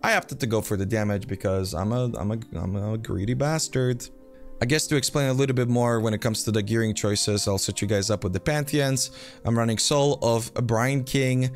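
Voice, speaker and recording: Man, low voice, casual game guide talk, self-deprecating, soft background music. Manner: rambling, self-deprecating, filler-heavy. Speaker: game build guide host. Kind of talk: casual gameplay guide commentary.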